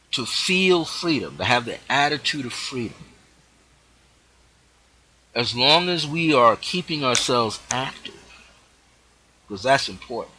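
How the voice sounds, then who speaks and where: A man hosting a spiritual teaching show, speaking reflectively and letting his phrase endings drop off softly. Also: mid-range voice, breathy edge, rough recording.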